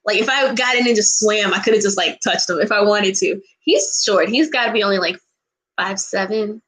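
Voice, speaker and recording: A woman's voice: medium pitch, moderate pace, fairly bright tone, low-quality recording. A young woman vlogger chatting casually and answering viewer questions, bubbly and giggly, gushing, humming and singing snatches of songs. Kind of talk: casual chat.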